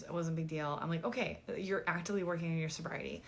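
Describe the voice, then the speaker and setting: A woman's voice: on the low side, steady tone, very fast, hardly any pauses. A woman vlogger telling a dating story in a chatty, exasperated way, full of "like" and casual swearing.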